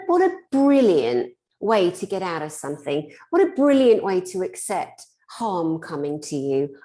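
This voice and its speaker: A woman's voice: fairly high pitch, dark tone. A Scottish woman, a spiritual therapist, giving a heartfelt motivational talk in a blunt, impassioned way with mild swearing.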